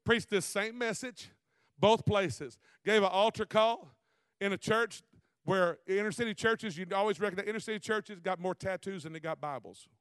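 A preacher man, middle-aged, delivering a folksy, lively sermon. His voice sits fairly high, and the sound is close and dry. He drives home his points with one rhetorical question after another. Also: moderate pace, smooth, no echo. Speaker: visiting preacher.

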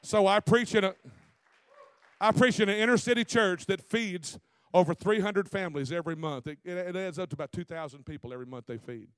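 A middle-aged man, preaching a sermon in a folksy, animated way full of rhetorical questions. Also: sits high, fairly quick, no echo. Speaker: visiting preacher.

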